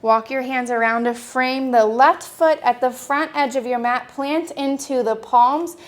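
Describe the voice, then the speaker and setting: High-voiced woman cueing a yoga flow. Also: a little slow. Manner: calm, steady instructional cueing with brief asides. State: slightly out of breath. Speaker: yoga instructor.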